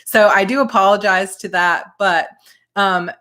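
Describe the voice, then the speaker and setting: A woman's voice: medium pitch, steady tone, measured pace, pushed and bright. A woman in her thirties with a Georgia Southern accent, chatting casually and effusively with viewers on her live stream as an author. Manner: chatty and effusive, reads viewer comments aloud.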